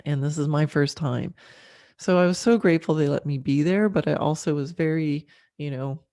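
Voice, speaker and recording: A middle-aged woman hosting a podcast, telling a personal story candidly and emotionally, with frequent fillers and soft laughs. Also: low voice, normal speed, dry recording, studio quality. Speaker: podcast host.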